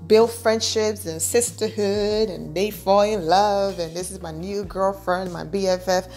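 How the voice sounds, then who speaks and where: A woman's voice: medium pitch, a little mellow. Chatty woman recapping a TV show. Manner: chatty, slangy, repeats herself. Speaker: TV show reviewer. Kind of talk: casual recap commentary.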